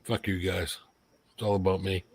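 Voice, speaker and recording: A man's voice: sits low, flat delivery, normal speed, slightly rough. A man from New England with a light New England accent, hosting a live stream and bantering with jokes and swearing. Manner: joking, profane banter. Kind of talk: casual chat.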